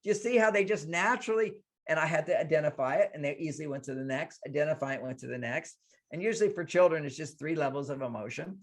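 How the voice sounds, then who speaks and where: Man, therapist guest, lively storytelling, acts out dialogue, slightly high voice. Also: fast talker. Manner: animated, acts out dialogue, warm reassuring tone in quotes. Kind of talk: casual interview storytelling.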